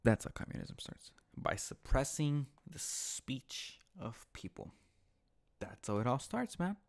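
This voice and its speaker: Male host, gravelly voice, mid pitch, heated profane monologue, repeats himself. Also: sing-song, unhurried. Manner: heated, swearing, repetitive. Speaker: host of his own online show.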